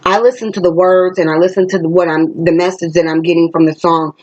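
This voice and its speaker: Talking fast in a low, slightly mellow voice with a steady tone, a woman delivers a chatty tarot reading straight to her self-positioned camera. She's emphatic and breaks into bits of songs, and the recording is muffled.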